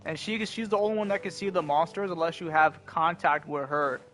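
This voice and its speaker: A man's voice: fairly high pitch, steady tone, fairly quick, fairly bright tone. Laid-back slangy young male streamer. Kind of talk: casual gaming commentary. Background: game audio and music.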